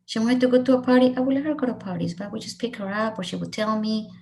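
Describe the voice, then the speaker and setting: A middle-aged woman who grew up in Mexico tells a student audience a personal story of loss. Her voice is high-leaning, mellow, and very fast, and it rises and falls with feeling as she speaks earnestly and emotionally.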